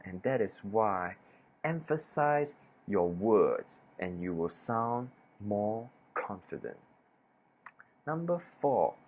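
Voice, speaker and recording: A man giving a self-improvement lesson to camera, talking deliberately with pointed pauses and falling sentence endings. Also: fairly low pitch, a little mellow. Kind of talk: instructional talk to camera.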